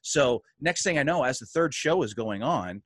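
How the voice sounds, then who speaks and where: A man's voice: medium pitch, moderate pace, no echo. Dry-sounding man telling a story. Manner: animated storytelling, frequent swearing. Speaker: podcast host. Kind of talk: casual podcast chat.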